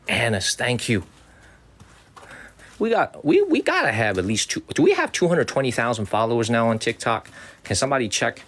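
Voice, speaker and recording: A man from Chicago hosting a casual livestream outdoors on city streets. He sounds excitable and repetitive, ending sentences with "man". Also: lowish voice, slight background noise. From Chicago, USA. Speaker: livestream host.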